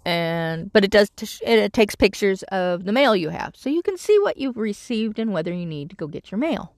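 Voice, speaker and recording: A woman's voice: mid-range voice, very animated, a little fast, dry recording, clean studio sound. A middle-aged woman vlogging casually, telling a rambling, exasperated story about her troubles. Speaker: vlogger living in her vehicle. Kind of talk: casual chat.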